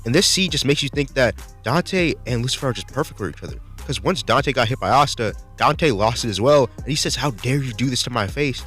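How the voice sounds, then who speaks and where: A man's voice: medium pitch, lively intonation, fairly quick, few pauses, fairly bright tone, slightly rough, soft background music. A man casually reviewing a manga chapter, swearing freely as he recaps the fights. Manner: laid-back, profane, enthusiastic recapping. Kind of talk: casual video commentary.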